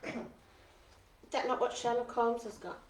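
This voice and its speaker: A woman's voice: on the high side, fairly even intonation. A woman at a bingo session who chats and argues her points. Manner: chatty, quick to argue a point. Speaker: bingo participant. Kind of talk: casual chat. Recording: roomy, distant mic, faint noise.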